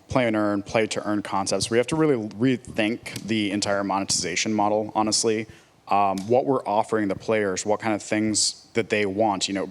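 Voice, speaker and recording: A man speaking as a panelist on a theater stage, earnest and opinionated, with frequent fillers. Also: fairly low pitch. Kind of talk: conference panel discussion.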